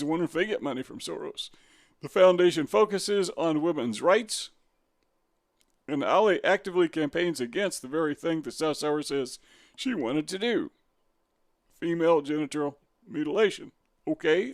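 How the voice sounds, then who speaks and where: A man's voice: a little high, creaky, dry recording, studio quality. Sarcastic, combative male commentator. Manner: sarcastic, combative, asks rhetorical questions. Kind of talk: opinion commentary reading from a web page.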